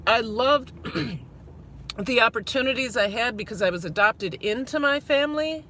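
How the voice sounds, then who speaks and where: Woman, Minnesota accent, bright tone; rambling live-stream chat from her car. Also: on the high side, normal speed, a little hiss or hum. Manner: chatty, rambling, talks to viewers directly. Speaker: vlogger. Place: inside a car.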